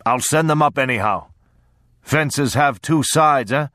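A male narrator voicing a big, hearty, quietly threatening older lord, loud and genial in an audiobook reading. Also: medium pitch, unhurried, no room sound, studio quality, voice pushed up. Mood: hearty, jovial. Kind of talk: audiobook character voice.

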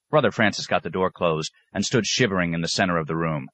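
A man reading a novel aloud as narrator, in a measured, even manner. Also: sits low, no room sound. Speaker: audiobook narrator. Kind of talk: scripted narration.

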